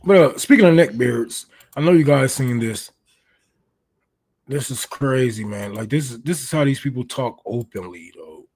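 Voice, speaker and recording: A man's voice: medium pitch, lively intonation, normal speed, darkish tone, husky. A man hosting a casual political livestream, talking loosely and rambling, then breaking into mocking, swearing rants. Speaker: livestream host.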